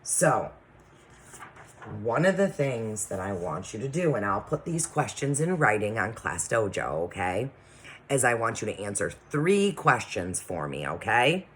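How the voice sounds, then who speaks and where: A woman teacher reading a chapter book aloud to her class and then giving assignments, patient and deliberate, often checking in with the children. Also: extremely low pitch, sing-song, a little hiss or hum.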